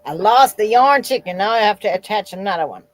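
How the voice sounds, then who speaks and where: A woman's voice: mid-range voice, lively intonation, brisk, no room sound. A woman crochets as she chats on a livestream, narrating her own progress stitch by stitch. Her voice comes through dry and close, with no room sound. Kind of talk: casual livestream chat.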